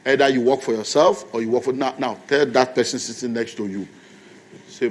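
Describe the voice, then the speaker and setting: A man's voice: medium pitch, fairly even intonation, fairly quick, a little hiss or hum. Male Nigerian pastor, mid-range voice, storytelling sermon to a congregation. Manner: storytelling, conversational, repeating points to the congregation. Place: church.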